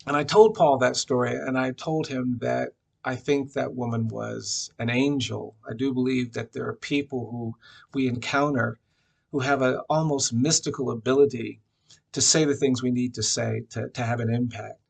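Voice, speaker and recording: Gravelly-voiced man telling a personal story. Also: mid-range voice, fairly even intonation. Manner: reflective, unhurried, frequent "uh" fillers. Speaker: memorial speaker.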